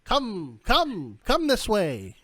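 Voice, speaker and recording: A woman's voice: mid-range voice, wildly swooping pitch, extremely slow, dry recording, pitched above the performer's own voice, exaggerated voice. A man voicing a pushy old female fortune teller who beckons travelers in with mysterious promises. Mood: eager.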